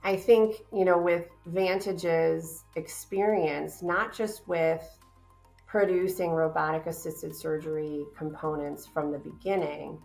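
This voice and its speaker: Low, gravelly-voiced woman being interviewed. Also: fairly even intonation, slow pace, a little mellow, soft background music. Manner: earnest, upbeat, frequent fillers. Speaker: company business development director, guest. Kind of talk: interview answers.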